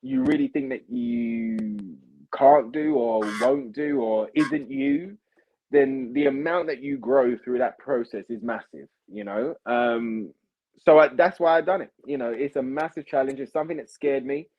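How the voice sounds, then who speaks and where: A man's voice: mid-range voice, a little slow, dull audio. A young man, chatting animatedly as a podcast guest and calling people mate and bro. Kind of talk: casual chat.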